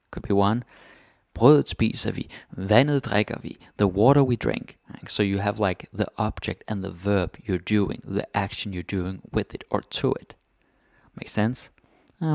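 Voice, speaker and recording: Low gravelly man teaching grammar. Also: no room sound, clean studio sound. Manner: relaxed, often checks in with "right?". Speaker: Danish language teacher. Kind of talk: casual grammar lesson.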